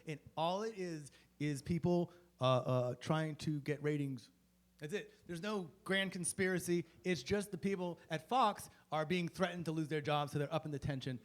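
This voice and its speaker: A male stand-up comedian on a comedy club stage, rambling, swearing and breaking off mid-thought. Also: a little high. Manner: rambling, profane, self-interrupting.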